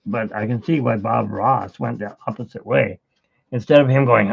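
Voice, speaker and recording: Gravelly middle-aged man, tinny phone-like audio. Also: mid-range voice, normal speed. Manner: rambling, chatty storytelling. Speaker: art livestream host. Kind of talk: casual live drawing chat.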